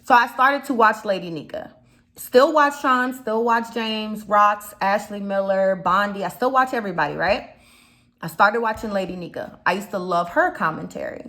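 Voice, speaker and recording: This YouTube commentator is a young Chicago woman whose slight local accent comes through as she talks casually and rambles, full of fillers and side comments. Her voice is medium-pitched and a bit bright, at a moderate pace.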